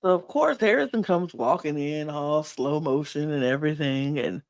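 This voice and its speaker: A woman's voice: sits low, moderate pace. A woman casually recapping a reality show, chatty and rambling with frequent ums and restarts. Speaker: podcast recapper.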